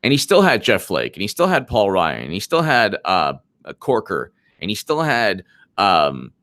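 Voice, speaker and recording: A man hosting a political commentary livestream, talking in a rambling, animated, self-interrupting way. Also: on the low side, moderate pace, no echo, clean studio sound.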